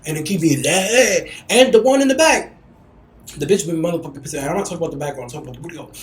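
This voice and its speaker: A man hosting a podcast, telling stories in a casual, animated, profane way. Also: on the high side, rapid-fire, echoey room. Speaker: podcast host. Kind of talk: casual chat.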